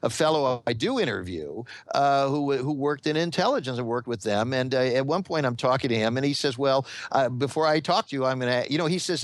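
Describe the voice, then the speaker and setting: A man who is an author, giving long answers in a radio interview, halting often with restarts and fillers. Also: mid-range voice, animated, dry recording. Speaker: author and guest.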